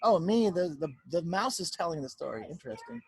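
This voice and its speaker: A male teacher reading a picture book aloud to young children over a video call from home, narrating in an animated way and checking in with them. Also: high voice, a little fast, a little hiss or hum. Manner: warm, animated storyteller who keeps checking in with the children.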